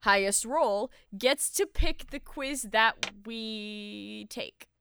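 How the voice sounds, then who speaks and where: A young woman co-hosts a casual podcast, laughing often and trailing into restarts. She talks slowly, and her voice is bright and crisp. The sound is dry and close. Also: fairly high pitch, dry recording. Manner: giggly, rambling, frequent restarts. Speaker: podcast co-host.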